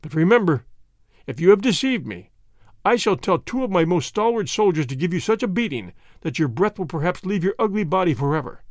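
A man's voice: high-pitched, no room sound, studio quality. A man voicing a stern, cunning official who gives orders and threats in a cold, commanding way. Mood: threatening.

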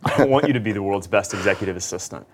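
Man, low voice, cofounder, earnest, reassuring, halting. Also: noisy background. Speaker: business cofounder. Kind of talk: candid conversation in a therapy session.

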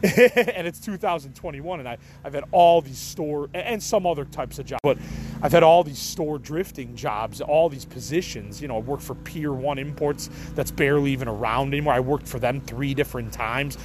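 A man's voice: medium pitch, normal speed, a little hiss or hum, rough recording. A middle-aged man from the Chicago area hosting a podcast, talking in a casual, rambling, profane way and laughing things off. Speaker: podcast host.

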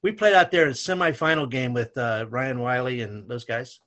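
An older man, a retired basketball coach, telling lively anecdotes in a conversation, his voice rising when he retells shouting matches. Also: mid-range voice, normal speed. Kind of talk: storytelling in conversation.

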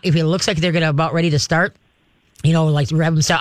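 Folksy higher-voiced male radio dog trainer. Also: fast, no echo. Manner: folksy, homespun, animated demonstrations. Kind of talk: call-in advice show.

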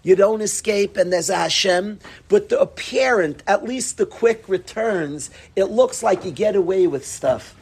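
Husky-voiced man giving an animated Torah talk. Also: high-pitched, unhurried, few pauses. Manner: animated, conversational, with Yiddish and Hebrew words. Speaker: rabbi.

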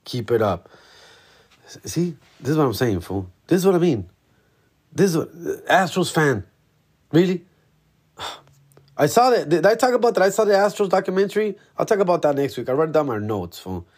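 A comedian runs a loose, solo podcast monologue. He sits on the higher side of the usual male pitch and talks in a laid-back, slang-heavy way, full of casual profanity. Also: big pitch swings, moderate pace, pauses often, darkish tone, slightly rough.

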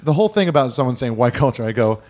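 A man's voice: mid-range voice, very animated, rapid-fire, darkish tone. A man hosting a podcast in casual chat, rambling and joking, often laughing. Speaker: podcast host.

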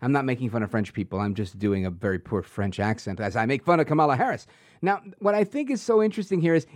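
A man's voice: mid-range voice, animated, fast, darkish tone, dry recording, clean studio sound. A man hosting a political commentary show, talking in a sarcastic, punchy monologue full of rhetorical questions. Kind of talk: opinionated monologue.

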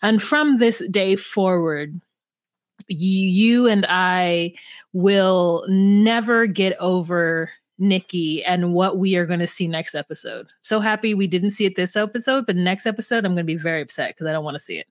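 A woman's voice: fairly low pitch, normal speed, dry recording, studio quality. A woman co-hosting a podcast, talking in a laid-back, rambling way in casual chat. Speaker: podcast co-host.

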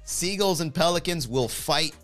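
A man's voice: fairly high pitch, normal speed, a bit bright, soft background music. A man hosting a livestream in casual chat, joking and rambling and laughing often. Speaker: livestream host.

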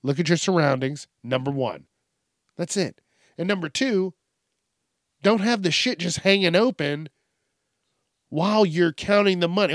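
A man's voice: sits high, a little slow, long pauses, no room sound, studio quality. A man hosting a casual solo podcast, rambling and cursing with a slight Southern twang and frequent laughs. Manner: profane, rambling, laughs often. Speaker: podcast host. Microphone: studio microphone.

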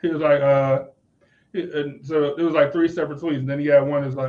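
A man's voice: on the high side, little pitch movement, brisk, narrow, tinny audio. A man co-hosting a casual podcast chat, joking and laughing as he reads things out. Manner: laughs often while reading out tweets, loose and joking. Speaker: podcast co-host.

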